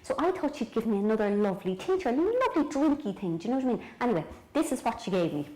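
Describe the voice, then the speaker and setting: A middle-aged Irish woman talking straight to the viewer in a loose, rambling way. She keeps cracking jokes at her own expense. Her voice sits a little high for a woman. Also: sing-song, very fast, mellow, low-quality recording. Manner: rambling, jokey and self-mocking, talks straight to the viewer. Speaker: author showing her home. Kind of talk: casual chatty video diary. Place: own home, indoors, moving between rooms.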